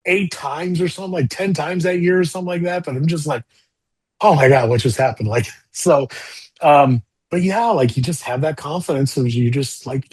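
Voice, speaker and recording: A man in an interview telling animated stories about his golf career, with lots of fillers. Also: on the high side, normal speed, husky. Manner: animated storytelling with many fillers. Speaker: golfer guest. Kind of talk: storytelling interview talk.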